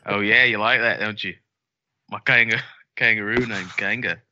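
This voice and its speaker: A man's voice: on the low side, fairly even intonation, moderate pace, dull audio, noisy background. A man co-hosting a podcast, playful and jokey. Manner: playful, jokey, likes doing voices. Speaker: podcast host. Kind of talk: casual podcast chat.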